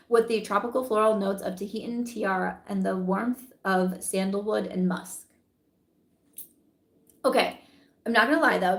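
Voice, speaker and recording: A woman's voice: mid-range voice, reverberant. A woman vlogger reviewing beauty products in casual, chatty talk, giggling often and saying "like" a lot.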